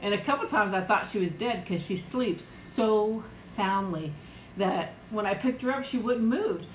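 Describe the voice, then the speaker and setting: A woman's voice: mid-range voice, unhurried, reverberant, a little hiss or hum, poor audio. A woman hosting a casual live-chat eating stream from home, talking in a rambling way and laughing often. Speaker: livestream host.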